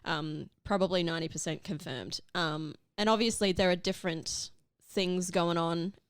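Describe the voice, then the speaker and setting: A woman's voice: lowish voice, normal speed, clear, resonant tone, no echo, studio quality. A young woman co-hosting a casual chat podcast, blunt and swearing, laughing often. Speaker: podcast co-host.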